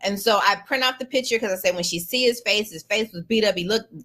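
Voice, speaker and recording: Bright-voiced woman telling an emphatic story. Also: medium pitch, fast. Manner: animated, emphatic, colloquial storytelling. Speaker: lawyer telling a personal story. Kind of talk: personal storytelling.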